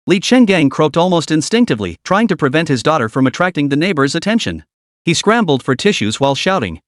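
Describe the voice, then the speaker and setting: A man narrating a story in a steady, dramatic storytelling manner. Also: a little high, brisk, no echo, clean studio sound.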